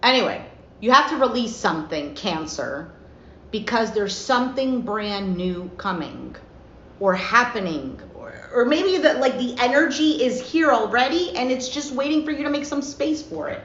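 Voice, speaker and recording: A woman's voice: a little high, moderate pace. Woman tarot reader, casual and talkative, faint hiss behind, roomy sound. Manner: chatty, animated, acts out little dialogues. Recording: roomy, slightly dull with faint noise.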